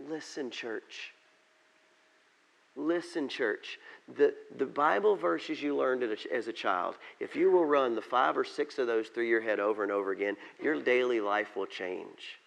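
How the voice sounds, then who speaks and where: Gravelly emphatic pastor preaching. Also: male voice, medium pitch, a little slow, fairly bright tone. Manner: emphatic, repeats key phrases. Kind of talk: sermon.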